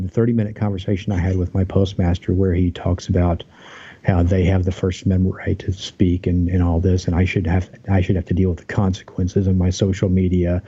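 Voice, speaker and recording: A man's voice: sits low, warm tone, slightly rough, dull audio. A man as an interview guest, earnestly telling his story of a workplace conflict, aggrieved, with many restarts.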